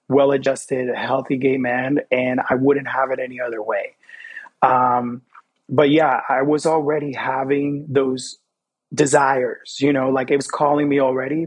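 A young adult man from Fort Lauderdale, telling personal stories as an interview guest in quick, animated bursts. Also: medium pitch, husky. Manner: animated, quick bursts, acts out quoted voices. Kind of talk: candid personal storytelling.

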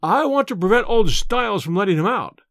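A jittery young student, as a male storyteller puts him on, pitched up and stammering through hurried excuses. The reading is close and dry. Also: expressive, fairly bright tone, no room sound. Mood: nervous, evasive.

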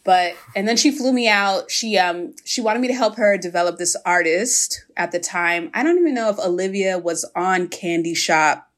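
A woman's voice: on the low side, moderate pace, few pauses. A woman in casual conversation, telling a story with animation and acting out the voices of people she quotes.

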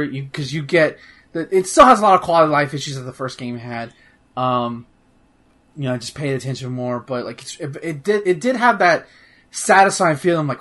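A man's voice: mid-range voice, normal speed, a bit bright. A man in casual chat, talking about a video game in a rambling way with many fillers and restarts, swearing now and then. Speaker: podcast host reviewing a video game.

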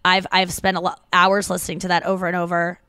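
A woman hosting a podcast in casual chat, rambling and excitable, with crude jokes and easy laughs, on a close microphone. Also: on the low side, quick pace, clear, resonant tone, no room sound. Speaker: podcast host.

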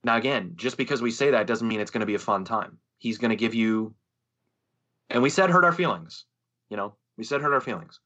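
A man on a podcast telling a story in a lively, casual way, swearing and acting out what others said. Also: fairly low pitch, quick pace, few pauses, highs cut off. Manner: animated storyteller, swears freely, acts out quoted voices. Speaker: podcast co-host, musician.

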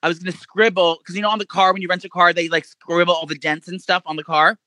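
A man co-hosting a podcast in casual chat, an animated storyteller who swears a lot and acts out quotes in a high voice. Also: fast talker, dry recording. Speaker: podcast co-host.

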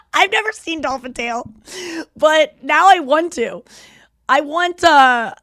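A woman hosting a podcast in casual chat, rambling and animated, laughing often as she talks. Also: sits high, a little slow, no echo, studio quality. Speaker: podcast host.

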